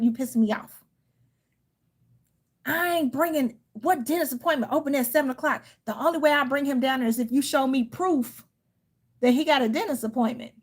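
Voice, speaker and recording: Woman, thirties, heated and profane, tired and irritated, fairly high voice. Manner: heated, profane, animated storytelling with quoted outbursts. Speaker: tarot reader and channel host. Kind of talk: casual venting story to viewers.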